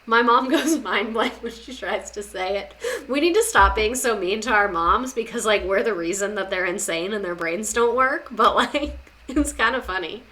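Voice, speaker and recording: Young woman podcast host, casual sarcastic chatter with a bright, sharp tone. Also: medium pitch, lively intonation, normal speed. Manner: chatty, sarcastic, repeats words for comic effect. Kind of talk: casual chat reading listener stories.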